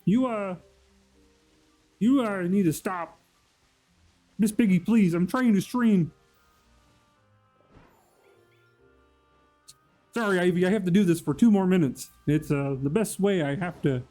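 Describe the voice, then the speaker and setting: A man's voice: high-pitched, normal speed, dark tone, soft background music, voice pushed up, close to an everyday voice. A man putting on a meek, flustered frog puppet voice while chatting on a live stream, rambling and apologizing to his chat. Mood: pleading.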